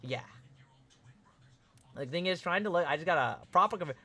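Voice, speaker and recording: A young man hosting a casual live stream, chatting excitedly with viewers, swearing and laughing as he reacts to chat. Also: fairly high pitch, moderate pace. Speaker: livestream host.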